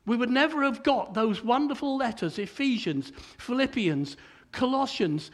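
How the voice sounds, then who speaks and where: A man's voice: very high-pitched, expressive, normal speed. An older man preaching a sermon in a conversational way, often stumbling and restarting his words.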